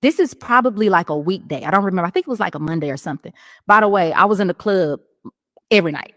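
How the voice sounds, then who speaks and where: A woman in her thirties tells her story as a podcast guest, animated and acting out the people she quotes. Her voice sits a little low. A long reverb tail hangs behind her close, dry voice. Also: fast talker. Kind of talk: casual testimony.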